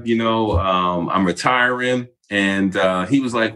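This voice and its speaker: A man's voice: on the low side, unhurried, few pauses. A man, a former basketball player candidly telling a story in casual chat. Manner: relaxed, candid storyteller, acts out quoted voices.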